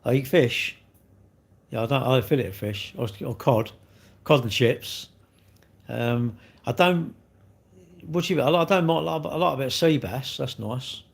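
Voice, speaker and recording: A man's voice: medium pitch, normal speed, creaky, long pauses, breathy edge. An English man chatting on a live stream, rambling and blunt as he answers viewers in a slangy way.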